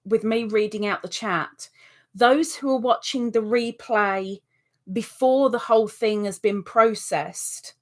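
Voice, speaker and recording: A woman hosting a live stream in a casual, chatty way, reading out viewer comments and answering them, with excitable exclamations. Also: mid-range voice.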